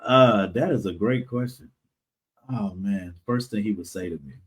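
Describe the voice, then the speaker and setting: A man's voice: on the low side, moderate pace. A man, a comic creator guest, talking casually in a podcast interview, rambling with fillers and frequent laughs.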